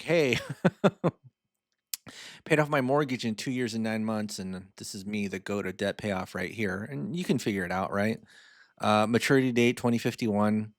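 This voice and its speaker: A man's voice: fairly low pitch, dry recording. Male host, casual explainer, informal and chatty, dry recording. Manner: chatty and informal, lots of fillers and asides; walks through a spreadsheet on screen. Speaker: host of a personal finance channel.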